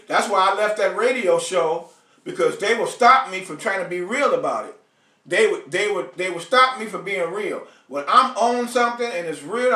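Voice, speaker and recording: Heated guy ranting on his live stream, high bright voice, cussing, sounds far off in an echoey room. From United States. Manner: blunt, heated and profane, addressing viewers by name. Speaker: host of a live online show.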